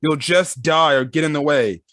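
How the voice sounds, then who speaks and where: A man's voice: fairly high pitch, moderate pace, fairly bright tone, no echo, studio quality, close to an everyday voice. Brief: man doing defiant young male manga fighter, stubborn, brash.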